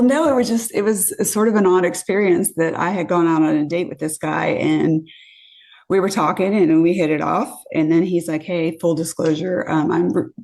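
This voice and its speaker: On a podcast, a California woman appearing as a guest tells an animated, casual story, voicing other people's lines and cursing when she gets back into the moment. Her voice is lowish with vocal fry.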